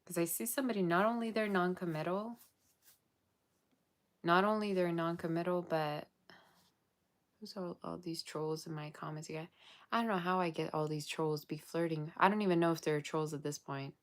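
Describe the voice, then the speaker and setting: A woman's voice: fairly low pitch, fairly even intonation, normal speed. A woman giving a casual tarot reading, chatty and blunt with exasperated asides, sounding tired and yawning. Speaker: tarot reader.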